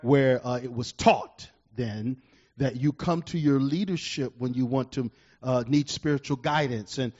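A middle-aged male pastor preaching a sermon, building to loud emphatic bursts and slowing down to read verses. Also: medium pitch, highs cut off.

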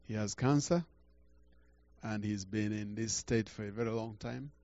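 An older man preaches through a story with a gravelly voice. He halts, repeats words and swings from quiet to loud. The recording sounds dull and lo-fi. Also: on the low side, measured pace. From Uganda. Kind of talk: storytelling sermon.

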